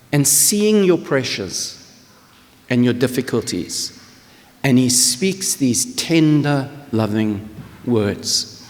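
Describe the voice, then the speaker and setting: A man with a Scottish accent preaching a sermon as pastor, earnest and tender, often repeating a word as he starts a thought. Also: mid-range voice. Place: church hall. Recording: long church hall reverb.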